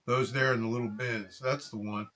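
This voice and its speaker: A man voicing a blunt, businesslike rural woman with a brisk folksy drawl, in an audiobook reading. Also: mid-range voice, fairly even intonation, fairly bright tone, natural voice.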